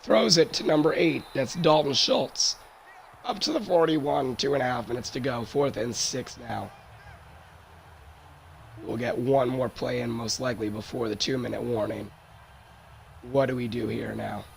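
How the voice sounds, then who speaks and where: A young man calls a football game play by play, his voice hoarse and worn out. It is gravelly and cracks upward when a big play comes. A faint hiss sits under the recording. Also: unhurried, pauses often. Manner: excitable, voice cracks high on big plays. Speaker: play-by-play commentator of a simulated football league. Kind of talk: solo sports commentary over a video game.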